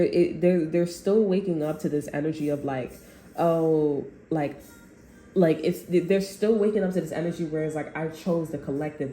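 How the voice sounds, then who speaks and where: A woman's voice: deep voice, dark tone, slight background noise. A woman giving a casual tarot reading, rambling and profane, with slangy talk and bursts of laughter. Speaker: tarot reader. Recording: echoey room.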